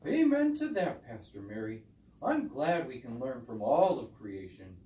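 A woman voicing a cheerful, earnest female owl puppet in a children's skit, who breaks into high hoots. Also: very animated, measured pace, mellow, full character voice. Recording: roomy sound from a distant mic.

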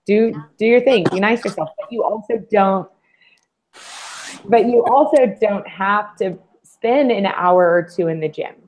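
A woman on a fitness panel who talks in a lively way and acts out the voices she quotes. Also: medium pitch, unhurried. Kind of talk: casual panel discussion. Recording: slightly dull lo-fi audio.

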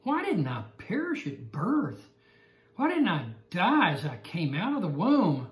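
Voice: mid-range voice, huge pitch swings, a little slow, roomy sound. A Bible class teacher giving an evening lesson and telling a joke with chuckles and restarts.

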